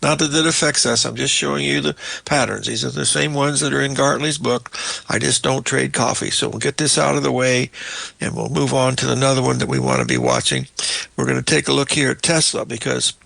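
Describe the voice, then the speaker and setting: A man's voice: mid-range voice, fairly quick, vocal fry, fairly bright tone, dry recording. An older man hosting a market show, walking through charts in a folksy, rambling way and calling his viewers "folks", with a slightly choked-up voice. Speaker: market analyst host. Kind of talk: live chart analysis talk.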